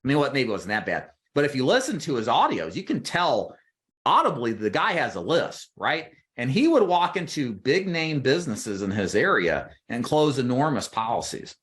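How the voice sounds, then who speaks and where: A man coaching insurance agents in a relaxed, off-the-cuff monologue. He speaks at an ordinary middle pitch and keeps it conversational, leaning on "you know" and "right?" as he goes. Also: normal speed. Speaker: insurance sales trainer. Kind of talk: casual advice monologue.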